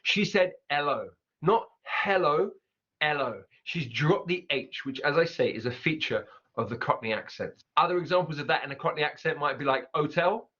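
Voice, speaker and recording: A man gives a cheerful online pronunciation lesson, his voice sitting a touch high. He stops to repeat example words slowly so each sound comes through. The recording is dull and lo-fi. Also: lively intonation, bright, forceful tone, breathy edge. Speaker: English teacher.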